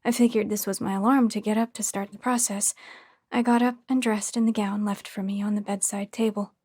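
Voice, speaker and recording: A woman reading a first-person horror story in a hushed, tense storytelling manner. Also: mid-range voice, steady tone, fairly quick, no echo, studio quality. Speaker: narrator.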